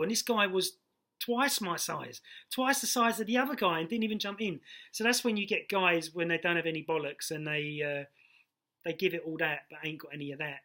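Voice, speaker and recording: A middle-aged man with a London accent rambles through doorman stories, swearing freely. His voice sits a little high and rings bright. He jumps from one tale to the next like he is chatting with a mate. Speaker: personal trainer, former doorman. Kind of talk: casual storytelling to camera.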